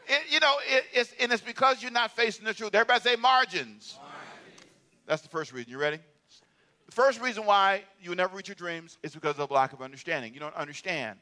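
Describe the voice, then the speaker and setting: A pastor preaching a lively, humorous sermon with call-and-response. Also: male voice, high-pitched, quick pace.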